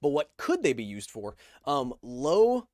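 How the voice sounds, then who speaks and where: A man's voice: medium pitch, huge pitch swings, a little slow, a little mellow, no room sound, studio quality. A man in his thirties hosting a casual livestream podcast, chatting loosely and jokingly reading viewer messages aloud. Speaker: podcast host reading live chat.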